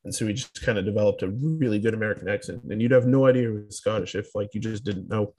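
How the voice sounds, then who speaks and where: A man's voice: fairly low pitch, fast talker, a little mellow, slightly rough. Chatty young man rambling along. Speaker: podcast co-host. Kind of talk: casual chat.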